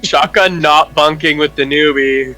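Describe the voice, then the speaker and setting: Wry, teasing man with a high, bright voice. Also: steady tone, unhurried, soft background music, poor audio. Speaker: player. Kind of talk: casual tabletop banter.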